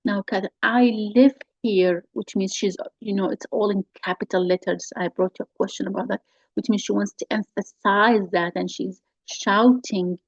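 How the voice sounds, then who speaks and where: A woman's voice: medium pitch, fairly even intonation, normal speed, no echo, dull audio. A woman teacher explaining a play scene to her class. She talks in an explanatory way and repeats her key points.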